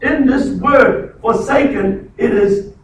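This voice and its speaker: A man's voice: very high voice, takes it slowly, heavy reverb, distant mic, rough recording. A man preaching a sermon as a pastor in a church, emphatic, often repeating words and restarting phrases.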